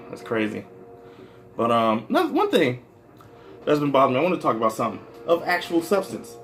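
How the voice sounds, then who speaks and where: Comedian from the Midwest, male, loose rambling monologue, profane and chatty, voice pitched a bit high, faint music underneath. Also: wildly swooping pitch, quick pace, a bit bright. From American Midwest. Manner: rambling, profane, full of "like" and "you know". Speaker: stand-up comedian. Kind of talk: casual vlog monologue.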